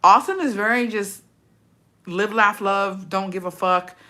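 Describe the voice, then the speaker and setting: A woman chatting casually and bluntly with her viewers, swearing freely and breaking into animated outbursts. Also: medium pitch, measured pace, a little hiss or hum. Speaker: streamer reacting to chat. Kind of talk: casual profane chat.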